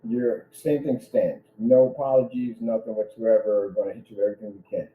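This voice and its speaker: A man's voice: on the low side, fairly even intonation, brisk, narrow, tinny audio. A man running his own business, ranting in a vlog with indignant threats aimed at one person. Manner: repetitive, addresses one person directly. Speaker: business owner.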